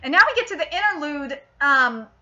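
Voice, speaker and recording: A woman vlogger recapping a novel in a casual, gushing and excitable way, with filler words. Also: high voice, brisk. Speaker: book vlogger. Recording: dull lo-fi audio.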